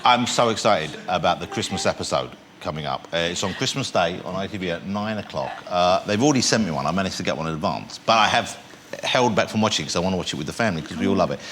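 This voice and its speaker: Quick, animated male talk-show host with a bright, teasing delivery. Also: low voice, slight background noise. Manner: joking, teasing. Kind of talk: chatty interviewing. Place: TV studio.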